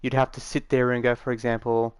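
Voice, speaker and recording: A man's voice: mid-range voice, completely flat delivery, brisk, clear, resonant tone, no room sound. A man giving a casual, rambling tutorial, matter-of-fact and full of fillers, recorded dry on a close mic. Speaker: game tutorial maker.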